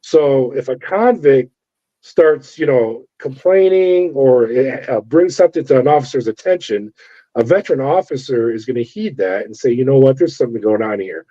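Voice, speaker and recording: Middle-aged man, former guard, animated yarn-spinner; mellow, slightly raised pitch, lo-fi audio. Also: moderate pace. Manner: animated storyteller acting out dialogue. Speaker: former corrections officer. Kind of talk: storytelling interview. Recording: dull lo-fi sound.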